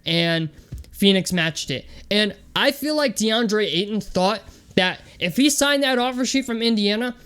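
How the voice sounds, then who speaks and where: A man's voice: sits high, expressive, a little slow, fairly bright tone, clear, resonant tone. A young man hosting a sports vlog, talking casually and loosely with lots of fillers. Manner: chatty, loose and conversational with many fillers.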